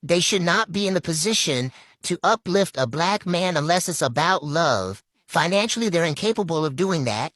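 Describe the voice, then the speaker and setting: A woman with a low voice that rises and falls a great deal delivers critical commentary. She presses her points hard and repeats phrases for weight, recorded dry and close. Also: expressive, normal speed, fairly bright tone, dry recording. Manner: emphatic, critical, repeats for stress. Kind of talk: opinion commentary.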